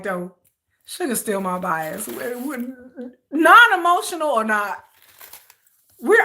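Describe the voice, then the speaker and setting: A woman vlogger in casual, gossipy commentary, joking and animated as she talks to her viewers. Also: mid-range voice.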